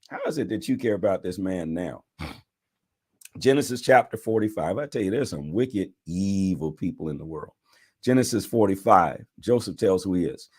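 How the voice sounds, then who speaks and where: Bishop reading scripture, expressive rise and fall, stops to preach. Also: male voice, on the low side. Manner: animated reading with preacher asides. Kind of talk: bible reading with commentary.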